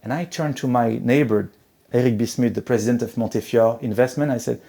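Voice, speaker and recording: Middle-aged male speaker, gravelly and dark, halting delivery with frequent restarts. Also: medium pitch. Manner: hesitant, many repeated words and restarts. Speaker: conference speaker. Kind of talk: motivational conference talk.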